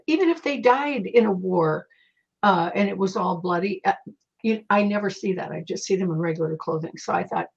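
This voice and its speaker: A woman guest, speaking as a psychic, tells lively stories in casual conversation, animatedly acting out the voices of the people in them. Her medium-pitched voice has a breathy edge, and the audio is muffled and lo-fi.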